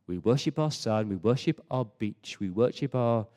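A man's voice: medium pitch, lively intonation, moderate pace, dark tone, big-room sound. An English man preaching a sermon in a church, emphatic, with rhetorical questions and frequent word repeats. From England. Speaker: pastor. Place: church service.

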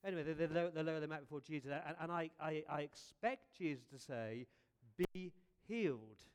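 Male preacher, slightly high voice, animated storyteller, chatty, rhetorical questions. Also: fast talker, clear, resonant tone. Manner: lively, conversational, repeats words, rhetorical questions. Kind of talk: storytelling sermon.

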